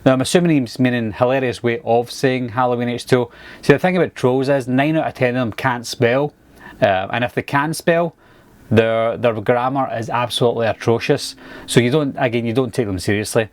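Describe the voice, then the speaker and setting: A Scottish man talks to his viewers in an easy, chatty way, with a relaxed manner. His voice sits at an ordinary middle pitch. The recording is dry and close, with no room sound. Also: a little fast, no room sound. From Scotland. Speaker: YouTube movie reviewer. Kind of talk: casual monologue to camera.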